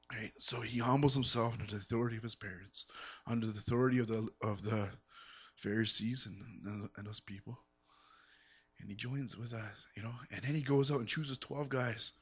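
Earnest man rambling through a testimony. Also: mid-range voice. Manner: earnest and rambling, many fillers, bursts of excitement. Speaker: church member giving testimony. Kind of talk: spoken testimony.

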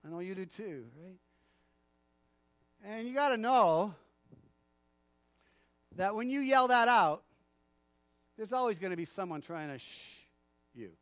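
A man preaching a sermon in a church, animated, acting out the quotes and laughing often. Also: sits high, unhurried, long pauses, dry recording. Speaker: pastor.

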